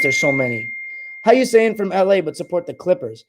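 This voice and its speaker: A man's voice: on the high side, animated, moderate pace, heavy background noise. Brash trash-talking young man. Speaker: podcast host reading live comments. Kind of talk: casual live-stream chat.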